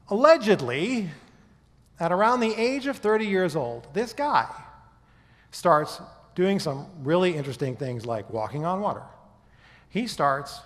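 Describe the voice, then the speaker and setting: Man giving a talk, keeps asking "okay?", kinda high voice, lots of hall echo. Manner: conversational lecturer, often checks in with "okay?" and "right?". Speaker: speaker giving a talk on faith and history. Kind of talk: presentation to a live audience.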